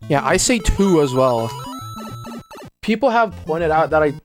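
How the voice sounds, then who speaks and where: A man's voice: fairly high pitch, animated, a little slow, soft background music. A young man from Brazil, chatting casually on a speedrun stream in rambling, slangy speech and muttering at his own gameplay. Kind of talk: casual livestream chat while playing.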